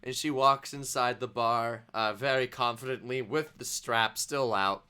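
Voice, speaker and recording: A man's voice: medium pitch, measured pace, pushed and bright, clean tone. A man narrating a tabletop game as game master, rambling with many ums and restarts.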